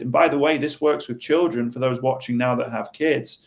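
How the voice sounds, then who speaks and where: A man talking as a podcast guest, giving animated advice and acting out quoted voices. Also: mid-range voice, moderate pace, vocal fry. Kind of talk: conversational advice.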